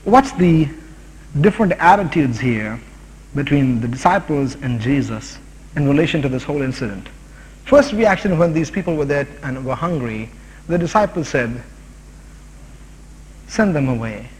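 A man teaching a sermon on a Bible passage, animated and rising to shouted exhortations. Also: on the high side, normal speed, slight background noise. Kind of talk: expository sermon. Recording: long hall reverb.

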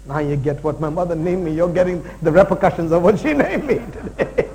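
Animated high-voiced male pastor preaching. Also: fairly quick, slight background noise, rough recording. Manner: animated preaching with asides and jokes. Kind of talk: sermon.

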